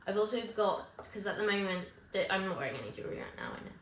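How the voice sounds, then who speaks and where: A woman's voice: medium pitch, sing-song, a little hiss or hum. Chatty woman vlogging in an echoey room. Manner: chatty, rambling, self-correcting with quick asides. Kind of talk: casual chat to camera. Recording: echoey room with faint ambience.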